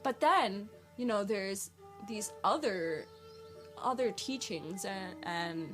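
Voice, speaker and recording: A woman's voice: medium pitch, expressive, slow pace, music in the background. A woman hosting a spiritual podcast, rambling with lots of fillers and firing questions at her listeners. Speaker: podcast host. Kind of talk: casual spiritual podcast monologue.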